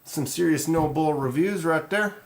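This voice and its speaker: A man hosting a casual live stream, rambling in a relaxed way and reading viewer comments aloud. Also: on the high side, moderate pace. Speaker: knife channel host.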